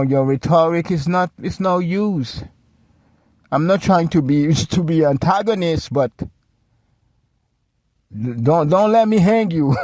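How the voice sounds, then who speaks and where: A man's voice: on the high side, a little mellow, dry recording, clean studio sound. Agitated rambling male podcast host. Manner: agitated, rambling, many restarts and asides. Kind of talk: ranting solo commentary.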